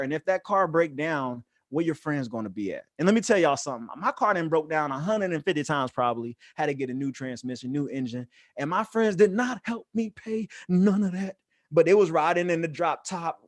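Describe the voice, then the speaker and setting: High-voiced energetic motivational speaker man. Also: dry recording, clean studio sound. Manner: energetic, joking, laughs often; conversational, street slang. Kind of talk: casual motivational talk to youth.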